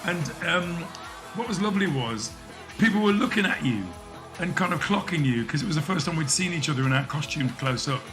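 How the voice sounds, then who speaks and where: A man in his sixties, a chat show guest telling stories in an animated way. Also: fairly high pitch, a little fast, over music. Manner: lively storyteller, mimics voices and laughs often.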